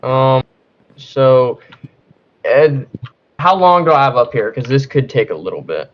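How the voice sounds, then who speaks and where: A man's voice: medium pitch, animated, measured pace. Hesitant man defending himself, lo-fi mic. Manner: hesitant, many "um" and "uh", tries formal phrasing. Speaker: defendant in a mock trial. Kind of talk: casual mock-courtroom defense. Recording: slightly dull lo-fi mic.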